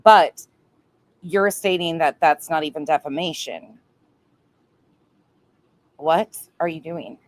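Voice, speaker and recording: A woman's voice: low voice, slow, long pauses. A woman giving reaction commentary on a clip, blunt and profane. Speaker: commentary streamer.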